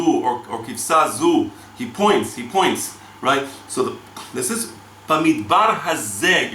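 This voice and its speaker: Dramatic rabbi in an echoey room. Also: male voice, gravelly, bright, forceful tone, a little hiss or hum. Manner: dramatic, rhetorical questions, sweeping pitch for emphasis; sprinkles Hebrew terms and reads Talmud aloud. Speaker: rabbi teaching the weekly Torah portion. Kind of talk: spoken Torah class. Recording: echoey room, mic at a distance.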